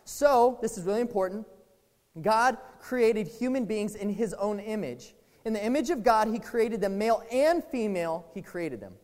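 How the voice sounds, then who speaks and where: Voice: mid-range voice, expressive, moderate pace, a little mellow, in a large hall. A preacher giving a sermon in a casual, conversational way, often asking the listeners "right?" and acting out the inner voices of the people being quoted.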